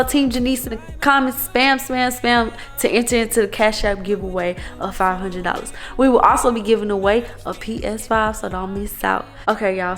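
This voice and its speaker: A young woman hosting a prank vlog, loud and slangy with a sassy attitude. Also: on the high side, far from the mic. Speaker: vlog host. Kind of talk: prank vlog, casual chat. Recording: very echoey room, a bit off-mic, with faint music.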